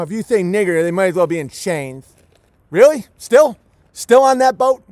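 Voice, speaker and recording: Male stream host, high voice, dry close sound; abrasive, mocking rant delivery. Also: darkish tone, no room sound. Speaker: livestream host. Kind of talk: profane ranting monologue.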